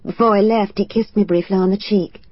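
A woman narrating a novel in the first person, in a measured and emotional way. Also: mid-range voice, fairly even intonation, husky, dry recording, highs cut off. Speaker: audiobook narrator.

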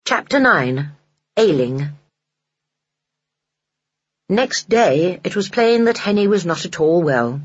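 Husky measured storybook reader. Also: mid-range voice, sing-song, dry recording. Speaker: audiobook narrator. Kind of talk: scripted narration of a children's novel. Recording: dull lo-fi dry recording.

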